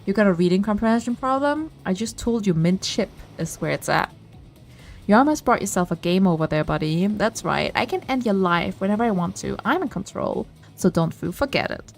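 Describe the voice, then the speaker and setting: A woman's voice: medium pitch, lively intonation, fairly quick, creaky, faint music behind. A woman playing a smug, bossy game tyrant. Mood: bossy taunting. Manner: taunting, domineering. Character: bossy controlling game-master character, menacing, smug.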